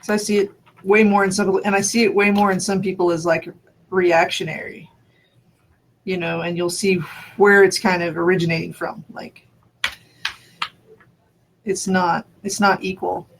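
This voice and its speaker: High-voiced rambling man from New Mexico. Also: flat delivery, moderate pace, gravelly, long pauses, a bit bright. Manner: rambling, thinks aloud with frequent restarts and laughs. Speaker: conversation partner. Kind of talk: casual chat.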